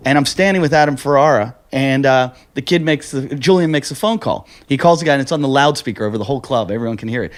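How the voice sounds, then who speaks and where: Male podcast host, mid-range voice, animated storyteller. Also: medium pitch. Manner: animated, acts out quoted voices. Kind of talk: casual storytelling.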